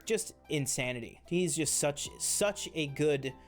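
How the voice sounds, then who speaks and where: Man, casual review chat, slightly high voice, rambling with fillers, faint background music. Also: expressive, unhurried. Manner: enthusiastic, rambling with many fillers and restarts. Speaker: co-host of a TV review show.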